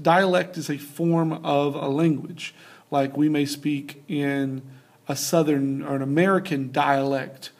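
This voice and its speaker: A man's voice: on the high side, darkish tone. A young adult man giving a casual recorded geography lecture over slides, talking loosely with many fillers and restarts. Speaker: teacher.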